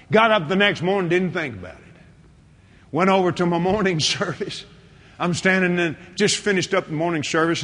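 A middle-aged man preaching a sermon and telling a story, swinging between shouted lines and hushed ones. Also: on the high side.

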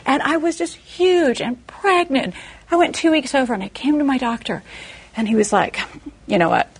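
A woman preaching a sermon, telling a personal story in an animated way and acting out the voices of the people in it. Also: normal speed. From Texas, USA. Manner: animated storytelling, acting out quoted voices with big pitch jumps.

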